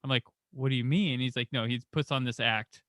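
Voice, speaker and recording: A man hosts a movie podcast in a casual way, an animated storyteller who acts out the people and voices in his anecdotes. His medium-pitched voice is bright and forward and fairly quick. The recording is dry and close, with little room around it.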